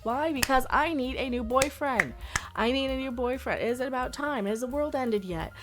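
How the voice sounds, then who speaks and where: A woman's voice: sits high, normal speed. A woman hosting her own channel, giving a blunt, sarcastic, rambling opinion rant broken up by laughs. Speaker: channel host.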